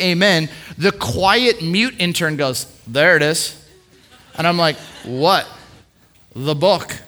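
A male preacher giving a sermon, telling a story with many repeated words, swinging between hushed and loud moments. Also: high-pitched. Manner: repeats words, quick asides.

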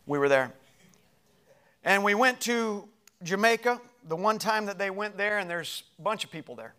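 A middle-aged male pastor telling a personal story in a sermon, animated and moving between loud passages and hushed ones. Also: high-pitched, normal speed, smooth.

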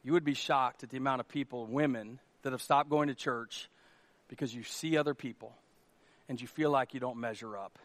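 A male pastor preaching a sermon in an animated, joking way, shouting at times for emphasis. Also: mid-range voice, fairly quick, dry recording.

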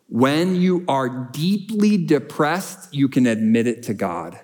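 A man preaching a sermon in an earnest, conversational way, swinging between raised lines and hushed ones. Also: a little high, very animated, takes it slowly. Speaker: pastor.

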